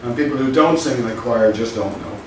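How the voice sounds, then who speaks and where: A male lecturer giving a university lecture, measured and explanatory, stressing his key points. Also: mid-range voice. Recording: very echoey room from a distant mic with faint noise.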